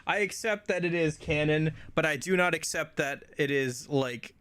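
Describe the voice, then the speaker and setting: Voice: mid-range voice, moderate pace, fairly bright tone, clean tone, dry recording. A let's-play streamer giving casual commentary on a game, chatty and exasperated, packing the talk with "like" as they pick apart the plot. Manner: heavy use of "like" filler.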